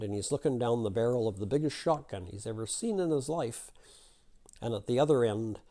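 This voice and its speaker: A man's voice: mid-range voice, warm tone. A man hosting his own video channel, telling stories and jokes in a folksy, chatty, rambling way. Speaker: YouTube channel host. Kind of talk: casual storytelling and joke telling to camera.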